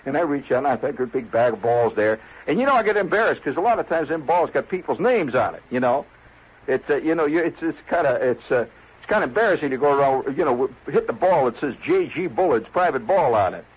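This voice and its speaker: A man's voice: mid-range voice, animated, fast talker, husky. A man telling a long comic story in a folksy, rambling, self-deprecating way, on a dull lo-fi old recording. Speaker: comedian. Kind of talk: storytelling stand-up monologue.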